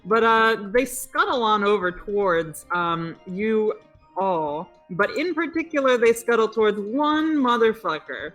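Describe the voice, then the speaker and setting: A woman game master narrates a sci-fi tabletop scene, chatty and hesitant, often pausing with fillers. Her voice sits at a medium pitch, with faint music playing underneath. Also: very animated, fairly bright tone. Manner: chatty, hesitant, giggly, many ums.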